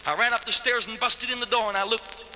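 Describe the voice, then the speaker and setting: A man's voice: very high-pitched, fairly even intonation, fast talker, bright, forceful tone, slight background noise. A man evangelist giving a dramatic testimony sermon, telling his story vividly with street slang. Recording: long hall reverb.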